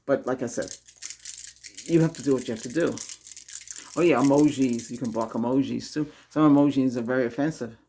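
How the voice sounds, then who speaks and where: A man's voice: mid-range voice, brisk, mellow, a little hiss or hum. A man hosting a Reiki video, giving casual spoken advice to viewers, chuckling often and repeating himself. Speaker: Reiki ASMR host.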